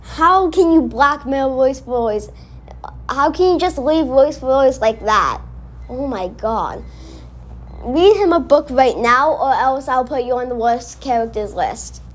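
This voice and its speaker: Rambling, excitable female reaction host. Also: sits high, unhurried. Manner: rambling, self-correcting, excitable. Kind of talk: casual reaction commentary.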